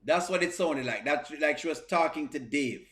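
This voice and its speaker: High, bright-voiced man hosting a reaction stream. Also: lively intonation, moderate pace. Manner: repetitive, stammering restarts. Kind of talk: live reaction commentary, reading viewer comments.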